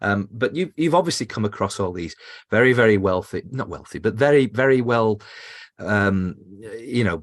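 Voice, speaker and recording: A man's voice: lowish voice, expressive, normal speed. A man hosting a podcast interview, chatting casually and often restarting phrases while he searches for words. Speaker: podcast host.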